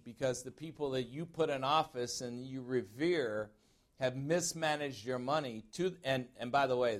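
Emphatic pastor from Chicago, preaching. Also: male voice, mid-range voice. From Chicago, USA. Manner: emphatic, asks the congregation direct questions. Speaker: pastor-teacher. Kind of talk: sermon.

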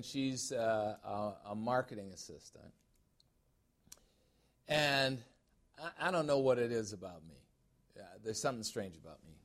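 Emphatic pastor from Chicago, preaching. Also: male voice, lowish voice. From Chicago, USA. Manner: emphatic, asks the congregation direct questions. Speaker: pastor-teacher. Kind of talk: sermon.

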